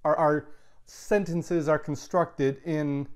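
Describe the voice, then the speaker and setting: A man teaching a Latin grammar lesson, explaining step by step and repeating key words slowly. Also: on the high side, animated. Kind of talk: recorded classroom lecture.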